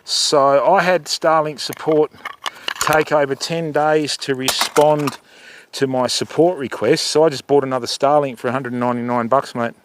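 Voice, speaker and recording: A man's voice: medium pitch, steady tone, normal speed, noisy background. A middle-aged Australian man hosting a fishing livestream outdoors, chatting casually with viewers and calling them mate. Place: outdoors by the water.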